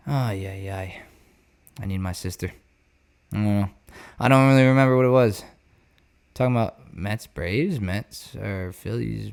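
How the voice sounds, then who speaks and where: Animated, jokey male baseball host. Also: on the low side, vocal fry. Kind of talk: casual baseball commentary.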